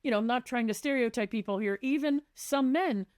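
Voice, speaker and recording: Woman, fairly high voice, lively storytelling, acts out client talk, dry sound. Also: fairly quick, no room sound. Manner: animated storytelling, acting out client dialogue. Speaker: residential designer, guest. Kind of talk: casual podcast conversation.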